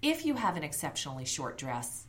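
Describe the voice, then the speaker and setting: Woman, 30s, podcast co-host; low, animated voice, blunt and salty. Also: fairly quick. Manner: blunt, swears freely, animated storyteller. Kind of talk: casual chat.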